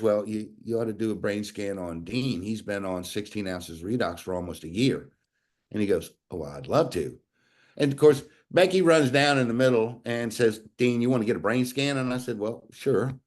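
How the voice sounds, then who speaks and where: A man telling a story in a folksy, animated way over a video call, acting out the dialogue he quotes. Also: lowish voice. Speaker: guest sharing a testimonial. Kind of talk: casual storytelling.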